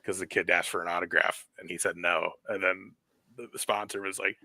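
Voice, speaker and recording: A man's voice: low voice, flat delivery, a little fast, pushed and bright, dry recording. A man co-hosting a podcast, chatting casually and telling rambling stories with heavy swearing. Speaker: podcast co-host. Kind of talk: casual chat.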